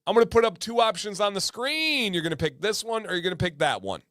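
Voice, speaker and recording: Guy hosting a live stream, kinda high voice, dry close sound, goofy and jokey, says stuff twice for laughs. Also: big pitch swings, fast, pushed and bright, no echo. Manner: playful, joking, repeats lines for laughs. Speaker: livestream host. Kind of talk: casual livestream chat.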